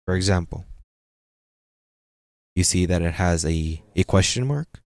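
A pastor giving a sermon in church, preaching with energy and sprinkling in frequent amens and repeated phrases. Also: male voice, deep voice, normal speed, long pauses, darkish tone, no echo, studio quality. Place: church sanctuary.

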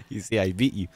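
A man preaching a sermon in a fairly low voice. He talks emphatically and repeats his points, with sudden loud peaks on key phrases. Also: no echo. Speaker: pastor.

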